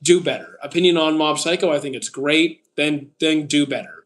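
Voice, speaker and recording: This Canadian man in his thirties has a slightly high, somewhat bright voice and keeps a steady tone at a moderate pace. On a livestream, he casually reads viewer questions aloud and gives short answers, often saying "uh."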